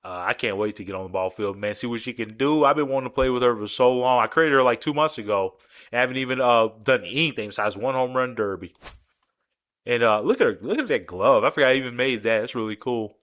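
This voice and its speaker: A relaxed man chatting casually over gameplay as a video game creator. His voice is smooth and clean, pitched in an ordinary middle range, and he rambles along spontaneously, often poking fun at himself. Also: fast talker. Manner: laid-back, rambling, self-deprecating. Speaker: gaming YouTuber.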